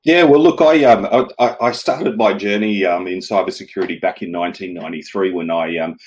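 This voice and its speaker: A man in his forties with an Australian accent, chatting as a guest in a relaxed interview and laughing often. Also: low voice, fairly quick. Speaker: guest, security executive. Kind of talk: casual interview chat.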